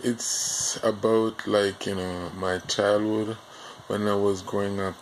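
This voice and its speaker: A man from Jamaica with a Jamaican accent, telling a childhood story in a rambling, halting way full of fillers. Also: on the low side, level tone, a little hiss or hum, rough recording. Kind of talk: casual storytime monologue.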